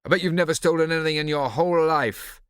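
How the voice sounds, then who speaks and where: A man's voice: lowish voice, fast, gravelly, a little mellow, breathy edge, no echo, studio quality. A man doing a wary, accusing teenage boy. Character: wary teenage boy, older brother, protective.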